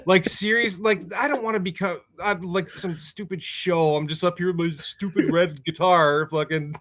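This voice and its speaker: Lively man telling a story, swearing. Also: high voice, moderate pace. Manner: animated, laughing, swears freely, lots of fillers. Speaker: podcast guest, musician. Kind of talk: casual storytelling chat. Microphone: remote call setup.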